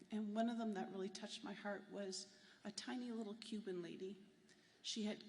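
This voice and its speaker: A woman giving an earnest, emotional personal testimony as an invited speaker at a rally. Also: mid-range voice. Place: large rally hall. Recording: echoey hall with faint ambience.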